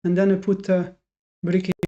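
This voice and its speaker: A man streaming live day trades while chatting with viewers, voicing his frustration and self-criticism as he thinks aloud with many restarts. His voice sits high and is warm but completely flat, at a moderate pace, and the lo-fi sound is dull.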